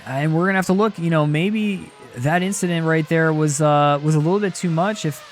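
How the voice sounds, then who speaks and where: A young man commentating a sim racing league race live, excitable and quick to shout at close battles. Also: on the high side, soft background music.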